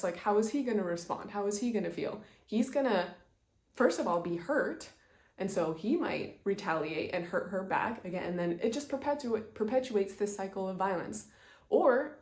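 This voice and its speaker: A woman's voice: medium pitch, a little mellow. A woman presenting an instructional talk, earnestly explaining ideas through example stories. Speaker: presenter teaching communication skills. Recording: echoey room.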